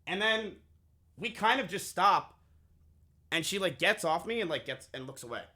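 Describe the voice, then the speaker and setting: Male streamer, bright and a touch high, telling a story to chat; animated, profane, plays out both sides of the dialogue. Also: normal speed. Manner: animated, swearing, acting out the dialogue. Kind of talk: casual storytelling to a live chat.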